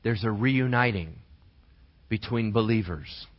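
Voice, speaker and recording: A man preaching a sermon as a pastor, conversational and animated, asking the congregation rhetorical questions. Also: lowish voice, unhurried. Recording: dull lo-fi dry recording.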